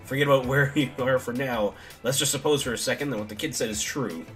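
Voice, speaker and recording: A man's voice: medium pitch, fast talker, faint music behind, voice pushed up, lightly acted. A man reading along as a wry, teasing adult man in a put-on British accent.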